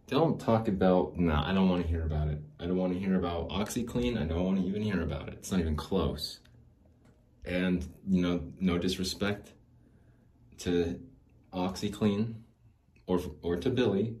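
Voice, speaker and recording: Male podcast host, 40s, deep warm voice, rambling comic monologue. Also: normal speed, a little hiss or hum. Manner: jokey, rambling, laughs often.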